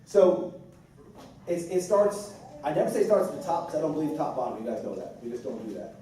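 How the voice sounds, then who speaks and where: A man's voice: a little high, very animated, a little fast, warm tone, a little hiss or hum. A man leading a school staff meeting in casual talk, joking and rambling with lots of restarts and fillers. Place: large indoor room with a group. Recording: echoey room from far off with chatter.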